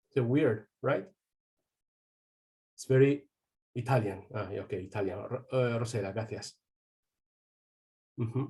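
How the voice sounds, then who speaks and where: Man, webinar trainer, halting delivery with restarts, video call audio. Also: mid-range voice, dark tone. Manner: halting, many fillers and restarts. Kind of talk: interactive online presentation.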